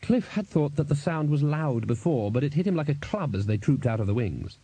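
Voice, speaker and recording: Mellow, husky male narrator. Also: a little high, a little fast, no room sound. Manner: steady storytelling read. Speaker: audiobook narrator. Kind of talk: scripted narration.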